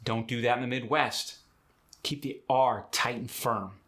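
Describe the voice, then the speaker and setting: A man hosting an accent tutorial as a dialect coach, explaining sounds in a brisk, instructive way. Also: mid-range voice, fairly bright tone.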